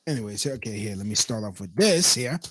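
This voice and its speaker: A man's voice: medium pitch, slightly rough. A man reading a news story aloud and ranting about it, profane and indignant, breaking off to mock the people in it. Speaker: online commentator.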